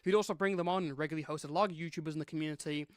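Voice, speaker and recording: A man with a slightly raised pitch reads a written statement aloud on a stream at a steady pace, now and then muttering asides. The recording is dry and close. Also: rapid-fire, dry recording.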